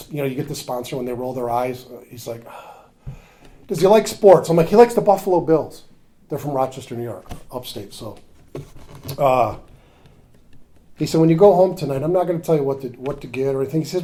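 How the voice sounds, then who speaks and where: At a recovery workshop, a man with a medium-pitched voice tells his story confessionally, sinking to a near whisper in tender moments and growing animated as he acts out the conversations in it. A little hiss or hum sits under the audio.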